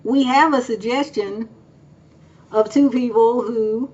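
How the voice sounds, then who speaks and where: A woman's voice: on the high side, takes it slowly, a little mellow. Rambling woman tarot reader, dull audio. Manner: rambling, thinks aloud with many fillers. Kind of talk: casual pick-a-card reading.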